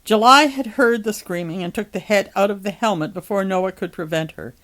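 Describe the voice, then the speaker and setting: A woman reading a novel chapter aloud in an even, measured storytelling manner. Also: medium pitch, rough recording.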